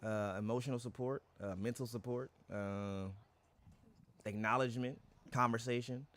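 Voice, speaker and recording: A laid-back man leads a casual family conversation at home. He speaks in an easygoing, slangy way and drops in quick jokes. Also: medium pitch, fairly even intonation, a bit bright.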